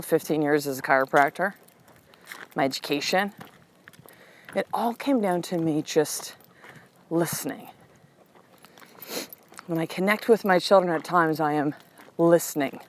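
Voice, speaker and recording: A middle-aged woman's low-sitting voice comes through poor audio with slight background noise. The podcast host and coach tells her story in a candid, animated way, turning soft and slow for calm affirmations.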